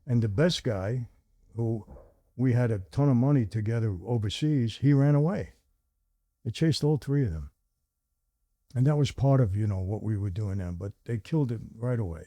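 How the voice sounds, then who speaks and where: A man's voice: mid-range voice, moderate pace, mellow, no room sound. An older man hosting a conversation, telling stories at length and acting out quoted dialogue. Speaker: host. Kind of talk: conversational storytelling.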